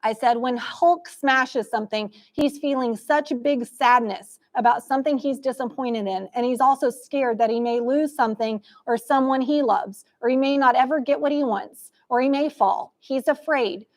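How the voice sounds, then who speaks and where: Middle-aged female therapist presenter, slightly high voice, lively storyteller who talks straight to the room. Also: moderate pace, hardly any pauses. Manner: animated retelling of a session with a child, addresses the audience directly.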